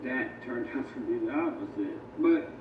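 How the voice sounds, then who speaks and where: A man's voice: mid-range voice, huge pitch swings, moderate pace. A man telling his story in a loose, profane, rambling way. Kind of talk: documentary storytelling. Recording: tinny, noisy, echoey sound from a distance.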